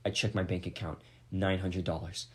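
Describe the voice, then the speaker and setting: Man telling a profane, animated story. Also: sits low, normal speed. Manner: profane, animated retelling of a mishap. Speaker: podcast host. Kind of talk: casual storytelling.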